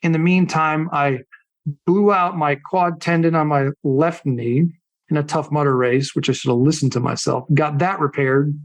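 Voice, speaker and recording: A middle-aged man, a podcast guest and coach, telling his story in a casual, animated way, acting out what others said and swearing bluntly. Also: on the high side, normal speed. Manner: animated, acts out quoted people.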